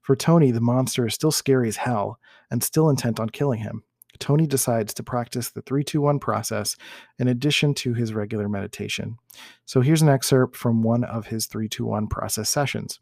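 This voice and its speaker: A male podcast host reads a case study aloud at a measured pace, now and then correcting himself mid-word. His voice carries a gravelly edge, recorded close and dry. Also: medium pitch, darkish tone, no room sound. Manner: measured, with small self-corrections.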